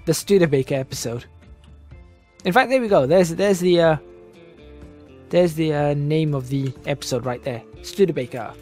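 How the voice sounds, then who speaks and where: A man's voice: a little high, moderate pace, long pauses, a little mellow, soft background music. Musing man narrating gameplay. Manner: thinking aloud, musing and self-correcting. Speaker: gaming channel host. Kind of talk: casual gameplay commentary. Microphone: desk microphone, voice drifting in and out.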